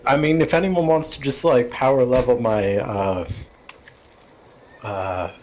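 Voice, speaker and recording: A man's voice: medium pitch, a little slow, a little mellow. Rambling man on game voice chat. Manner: loose, rambling, heavy on "like". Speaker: raid member. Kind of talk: casual gaming voice chat.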